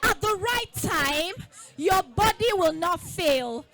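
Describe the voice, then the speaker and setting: A woman giving a lively call-and-response talk to a group of girls, coaxing them to repeat after her. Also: very high voice, slow pace, some chatter behind. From Nigeria. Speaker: school founder speaking to girls. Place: festival event space.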